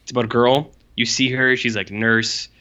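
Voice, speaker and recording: A man's voice: mid-range voice, steady tone, pushed and bright, clear, resonant tone. A man co-hosting a casual film chat, recapping plots in a rambling, jokey way. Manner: rambling, jokey plot recaps with quick put-on quotes. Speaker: podcast co-host reviewing films.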